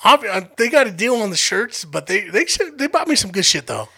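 A young man from Denver telling a profane, animated story in casual podcast chat and acting out the quotes. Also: high-pitched, a little fast, vocal fry, slightly rough. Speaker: podcast co-host.

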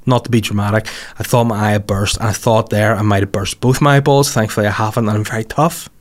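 A man in his thirties with a Northern Irish accent, hosting a casual podcast with brash, crude, self-mocking banter. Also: on the low side. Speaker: podcast host. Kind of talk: casual podcast chat and read ads.

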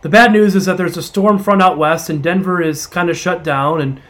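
High-voiced man preaching a sermon. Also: fairly even intonation, fairly bright tone. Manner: retells scripture with voiced asides, slowing for emphasis.

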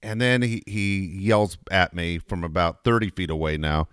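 A man's voice: deep voice, normal speed, few pauses, clean tone, no echo, clean studio sound. A man co-hosting a casual talk show, telling a story with lots of swearing and acting out the quoted lines. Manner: animated, swears a lot, acts out quoted lines. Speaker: podcast co-host. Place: garage studio.

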